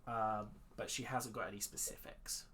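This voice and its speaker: A dungeon master narrating a fantasy tabletop game in a relaxed way, with frequent fillers. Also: mid-range voice, moderate pace, breathy edge.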